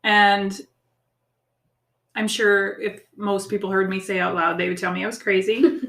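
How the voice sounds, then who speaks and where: A woman co-hosts a podcast in loose, casual chat. She is frank and upbeat and swears freely, and her voice is mid-pitched. The room around her has a roomy echo. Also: little pitch movement, measured pace, fairly bright tone. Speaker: podcast co-host.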